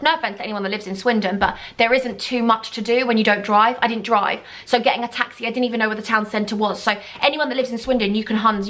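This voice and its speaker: A young woman telling a dramatic, gushing storytime, acting out quoted voices with big jumps in pitch. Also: fairly bright tone. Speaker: YouTuber. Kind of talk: casual storytime chat.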